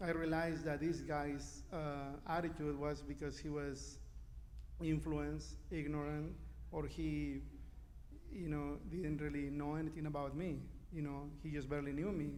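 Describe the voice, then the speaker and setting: A man's voice: fairly high pitch, flat delivery, measured pace, a little mellow. A man from Mexico whose first language is Spanish, sharing a personal testimony as a church guest in a chatty way, with plenty of "you know". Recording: live in a reverberant hall with faint noise.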